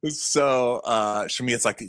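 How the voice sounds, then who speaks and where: Man, casual recap chat, bright tone, dry close mic, animated, acts out quotes. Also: medium pitch, slow, clear, resonant tone, no echo. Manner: animated, acts out quotes in shrieks, laughs often. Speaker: podcast co-host.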